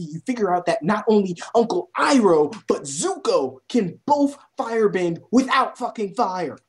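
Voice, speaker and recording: A young woman ranting about a film, exasperated and swearing constantly, her voice climbing to near shouts. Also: a little high. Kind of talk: profane rant.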